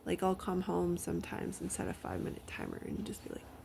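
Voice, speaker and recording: Gravelly-voiced woman chatting casually. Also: lowish voice, very animated, brisk, hardly any pauses, slight background noise. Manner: rambling, frequent fillers, drops into soft whispers. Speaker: vlogger. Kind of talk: casual personal storytelling. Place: at home with her dog.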